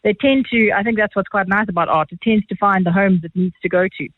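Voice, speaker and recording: A woman with a South African accent, an art auctioneer guest telling lively, chatty anecdotes quickly in a phone interview. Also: mid-range voice, no echo. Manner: fast-talking, chatty, animated. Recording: tinny phone line, dry.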